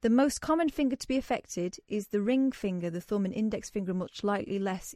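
A woman hosting a radio phone-in, chatty and self-deprecating, with quick asides as she reads out stories. Her voice is recorded close and dry in the studio. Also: mid-range voice, a little mellow, dry recording. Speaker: radio show host. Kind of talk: casual radio chat. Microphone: studio microphone.

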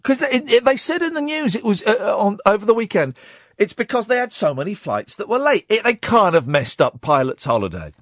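A man's voice: high voice, sing-song, a little fast, a bit bright, no room sound, clean studio sound. A man hosting a radio show, reading the news aloud and mocking it in a sarcastic, jokey way. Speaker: radio host. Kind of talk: casual radio chat. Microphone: studio mic.

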